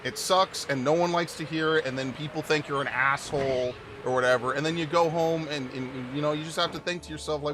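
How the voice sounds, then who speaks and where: A man's voice: on the high side, fairly even intonation, brisk, hardly any pauses. A man in his forties from New York, a gaming channel host giving a blunt, profane, restart-filled rant during casual gameplay. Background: game music.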